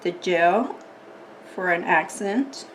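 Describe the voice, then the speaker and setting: A woman explaining her nail art tutorial step by step in a relaxed, chatty way, with fillers. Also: fairly low pitch, takes it slowly, a little hiss or hum.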